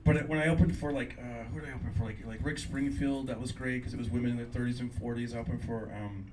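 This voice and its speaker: A middle-aged man from Fresno, California, doing live stand-up and telling animated stories in which he acts out voices. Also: mid-range voice, quick pace, far from the mic, noisy background. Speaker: stand-up comedian and guest.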